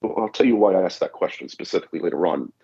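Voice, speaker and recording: A man with a husky, somewhat low voice recounts his cases as a podcast guest. He acts out each exchange with repeated "I said" and "she goes". The audio sounds dull and lo-fi. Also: lively intonation, racing, dark tone. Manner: anecdotal, acts out dialogue, frequent "I said". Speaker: guest, demonologist. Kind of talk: storytelling in a podcast interview.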